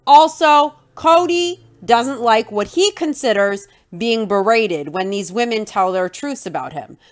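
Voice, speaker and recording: A woman's voice: fairly high pitch, animated, measured pace. A woman hosting a podcast and recapping a reality show in a scornful, mocking way. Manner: scornful, mocks in a whiny put-on voice. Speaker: podcast host.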